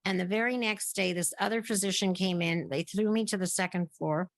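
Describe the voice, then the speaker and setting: A woman's voice: mid-range voice, fairly even intonation, a little fast. A middle-aged woman, a guest on a podcast, telling a long personal story and acting out the conversations she remembers. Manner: narrates at length, acting out remembered dialogue. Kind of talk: casual interview storytelling.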